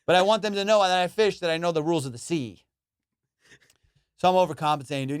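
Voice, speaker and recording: A man with a high, smooth voice spins a profane, comic story, slipping into the voices of the people he describes. The sound is dry and close, with no room around it. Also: fast talker, long pauses, no echo. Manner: profane, animated, acts out voices in his stories. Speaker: podcast host. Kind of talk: casual comedic storytelling.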